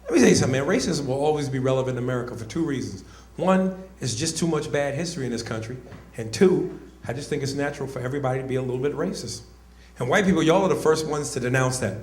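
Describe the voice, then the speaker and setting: A man performing a loud, brash stand-up comedy set on a club stage, breaking into shouted sound effects. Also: mid-range voice, animated, fast. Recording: roomy live club sound with audience noise.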